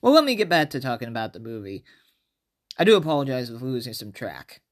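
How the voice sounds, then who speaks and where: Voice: medium pitch, very animated, fast. Rambling casual podcast host. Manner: rambling, self-interrupting, chatty. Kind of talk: casual movie review podcast.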